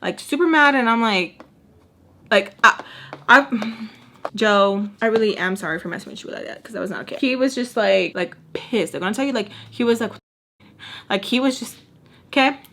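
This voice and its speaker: A woman's voice: fairly high pitch, lively intonation, moderate pace, long pauses, fairly bright tone, a little hiss or hum. A young woman telling a storytime, chatty and sassy, acting out what people said. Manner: chatty, sassy, acts out quotes. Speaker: storytime vlogger. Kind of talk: casual storytime.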